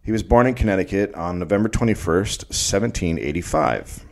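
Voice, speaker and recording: Middle-aged male podcast host, low and lively, deadpan storyteller. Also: fairly quick, creaky. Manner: deadpan storyteller, jokey asides. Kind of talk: reading a history story with banter.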